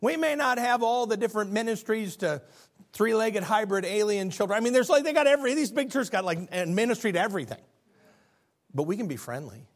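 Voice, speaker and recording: A man preaching a sermon as pastor, telling stories with an animated delivery, often restarting his sentences. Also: sits high, fast talker. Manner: animated storytelling with stammered restarts.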